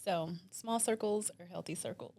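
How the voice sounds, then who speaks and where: A woman, chatting casually as a co-host. She sits in the middle of the usual pitch range for a woman and talks with open feeling. She laughs often and fills her sentences with "like". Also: moderate pace, mellow. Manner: emotional, laughs often, lots of "like". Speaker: podcast co-host. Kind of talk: casual chat.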